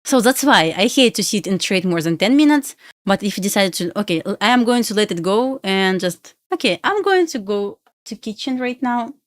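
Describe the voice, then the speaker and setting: A woman's voice: mid-range voice, expressive, normal speed, no room sound, studio quality. A young woman with a Russian accent chatting on a live trading stream, pleading with the chart and laughing often. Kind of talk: casual live-stream chat.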